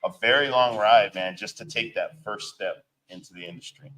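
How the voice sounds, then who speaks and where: A man's voice: lowish voice, normal speed, a bit bright, poor audio. A man who plays in a band, a guest on an interview show, telling road stories in a loose, casual way, swearing freely and using lots of fillers. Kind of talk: casual storytelling chat.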